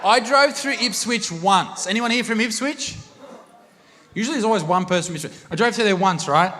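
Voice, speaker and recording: A man with an Australian accent doing live stand-up comedy, brash and crude, talking loudly into a handheld stage mic. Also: high voice, a little fast. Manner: brash, crude and loud, bursting into shouts. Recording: long reverb of a live venue.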